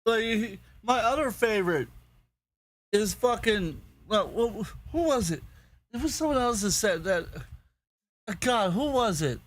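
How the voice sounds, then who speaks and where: A man's voice: high voice, lively intonation, unhurried, no room sound. A man on a casual podcast, ranting angrily and swearing constantly, repeating himself as he gets worked up. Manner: angry, profane, repetitive ranting. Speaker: podcast host.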